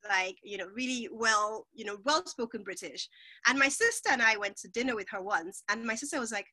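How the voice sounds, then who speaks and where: A woman's voice: a little high, brisk. A woman hosting a podcast, chatting casually and telling stories animatedly. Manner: animated storyteller, laughs often. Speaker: podcast host. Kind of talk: casual conversation.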